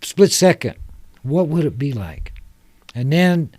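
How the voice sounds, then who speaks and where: A middle-aged man from Salt Lake City talks as a podcast guest, earnest and fired up, drifting from one thought to the next. His voice is dark and mellow, recorded close and dry with no room around it. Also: on the high side, sing-song, slow, no room sound. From Salt Lake City, Utah. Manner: earnest, passionate, loosely rambling. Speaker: guest, homeless advocate. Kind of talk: casual podcast conversation. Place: podcast studio.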